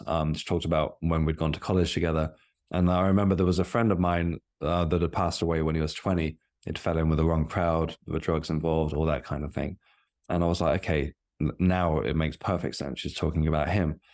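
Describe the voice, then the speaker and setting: Deep-voiced man, halting storytelling. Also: darkish tone. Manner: hesitant, many restarts and fillers. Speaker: podcast guest. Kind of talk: conversational storytelling.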